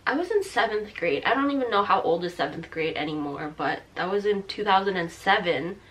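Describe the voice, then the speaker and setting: A young woman in her twenties talking to camera in a halting, tearful way, with fillers and restarts and a thick throat she keeps clearing. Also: mid-range voice, expressive, fairly bright tone. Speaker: vlogger. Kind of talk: personal talk to camera.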